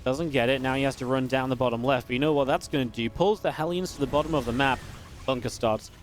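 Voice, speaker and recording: A man giving live play-by-play commentary on a strategy game match, quick and excitable, with restarts and filler words. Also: mid-range voice, a little hiss or hum. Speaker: esports caster.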